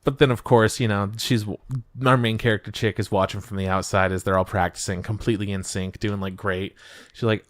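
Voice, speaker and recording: A man co-hosting a podcast, chatting casually and profanely as he recaps anime plots and jumps into high voices for quotes. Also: a little fast, no room sound. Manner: profane, animated retelling with falsetto quotes. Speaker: podcast co-host.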